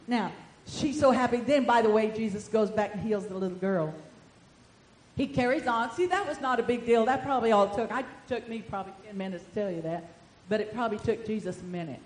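Older woman preacher, animated, echoey. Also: mid-range voice, brisk. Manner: animated, storytelling, swinging loud and soft. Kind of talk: sermon.

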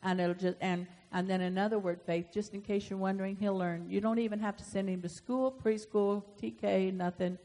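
A woman pastor preaching a sermon, swinging from soft asides to loud emphatic swells. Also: mid-range voice, steady tone, a little fast. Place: church sanctuary. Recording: long hall reverb.

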